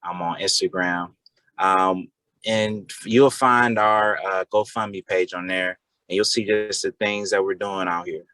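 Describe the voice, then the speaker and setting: A man with a Cleveland accent, a guest on an interview show, talking in a relaxed, laid-back way over a remote call. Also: low-pitched, a little slow, smooth, no room sound, low-quality recording. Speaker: guest, founder of a bee farm.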